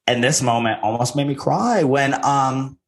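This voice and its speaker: A man's voice: mid-range voice, a little slow. A man co-hosting a podcast, chatting campily and playfully about reality TV. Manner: animated and campy, playful banter. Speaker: podcast co-host. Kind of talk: casual chat recapping reality TV.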